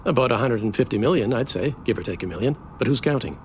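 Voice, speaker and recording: A man's voice: mid-range voice, expressive, fast talker, slight background noise, natural voice. A man playing a sardonic, theatrical groom. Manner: melodramatic, sardonic, swinging between drawls and outbursts. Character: flamboyant, bitter groom on wedding day. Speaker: actor in a stage play. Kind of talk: theatrical stage acting.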